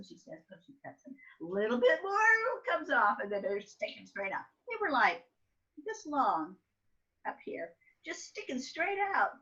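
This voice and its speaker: Older lady telling childhood stories, gets animated doing little voices, kinda dull lo-fi sound. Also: a little high, unhurried. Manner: animated storytelling, acts out her younger self. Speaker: interviewee. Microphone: soft and distant at times.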